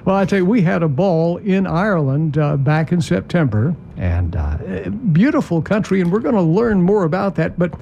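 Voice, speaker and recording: A man's voice: sits high, sing-song, normal speed, vocal fry, hardly any pauses, dark tone, lo-fi sound, slight background noise. A man hosting a morning radio talk show, chatting and teasing his guests in a friendly way. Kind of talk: casual radio chat.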